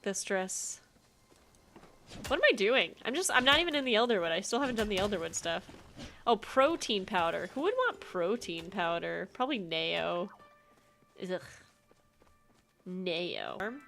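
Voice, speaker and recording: A woman's voice: mid-range voice, lively intonation, unhurried, gravelly, long pauses, fairly bright tone, soft background music. A young adult woman streamer chatting casually while playing a game, rambling with lots of filler words. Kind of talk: casual gameplay commentary.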